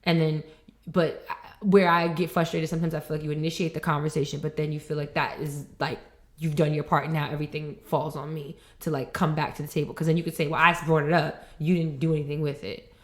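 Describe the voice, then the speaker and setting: A woman's voice: deep voice, flat delivery, quick pace. A young adult woman co-hosting a podcast, talking in a heated, rambling way with lots of swearing and restarts. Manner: frustrated, rambling, swears often. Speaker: podcast co-host. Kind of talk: heated casual conversation.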